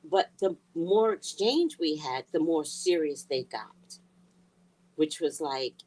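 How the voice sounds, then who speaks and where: A middle-aged woman telling a personal story in a blunt, heated way, swearing freely and swinging from hushed asides to near shouting. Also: sits low, expressive, slow pace, rough recording. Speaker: spiritual reader and vlogger. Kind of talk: casual storytelling rant.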